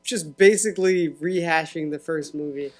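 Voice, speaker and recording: A man's voice: on the high side, moderate pace. A man co-hosting a podcast, chatting casually and easily agreeing with his partner. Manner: relaxed, agreeable, lots of mm-hmms. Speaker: podcast co-host. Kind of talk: casual chat.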